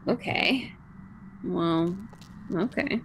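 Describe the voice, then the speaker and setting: A woman's voice: lowish voice, very slow, a bit bright, a little hiss or hum. A woman streaming a game in casual, playful chat, giggling as she recaps events.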